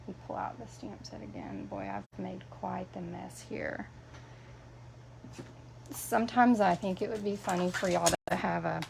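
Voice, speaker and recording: A woman hosts a live craft tutorial in a strongly gravelly, fry-laden voice. She talks slowly and chattily, greeting viewers by name and making playful jokes at her own expense. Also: lowish voice, a little hiss or hum. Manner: self-deprecating, playful asides. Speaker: craft demonstrator.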